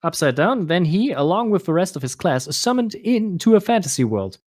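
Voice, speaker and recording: A man with a German accent chats casually, his fairly high voice swinging up and down as he stumbles and repeats words. The sound is dry and close, with no room around it. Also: sing-song, a little fast, a little mellow, dry recording. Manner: hesitant, repeats words while searching for them. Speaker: co-host. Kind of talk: casual podcast chat.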